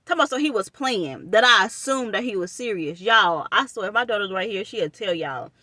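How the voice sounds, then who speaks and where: A young woman, telling a personal story to her viewers in an animated, casual way and calling them y'all. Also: mid-range voice, a little fast, no room sound, studio quality.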